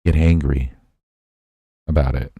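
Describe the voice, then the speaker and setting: A man hosting a livestream, casually reacting to clips with a slow, lecturing manner. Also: very deep voice, fairly even intonation, warm tone, slightly rough, dry recording, lo-fi sound. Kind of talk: casual reaction stream chat.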